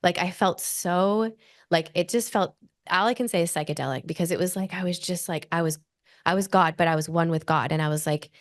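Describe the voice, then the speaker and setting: Australian woman in her forties, lower voice. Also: a little fast, dry recording, studio quality. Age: 40s. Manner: animated, breathless retelling full of "like" fillers. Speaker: podcast guest. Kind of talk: personal storytelling in conversation.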